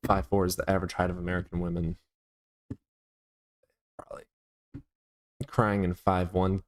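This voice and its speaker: Man, live streamer, casual chat, teasing, crude, lots of swearing, somewhat low voice. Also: little pitch movement, moderate pace, long pauses.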